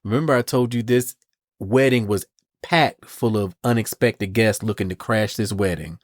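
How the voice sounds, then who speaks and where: Male podcast host, low voice, chatty comic-book recapper, dry close mic. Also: normal speed, no room sound. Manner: chatty storytelling, retells scenes with "and she goes".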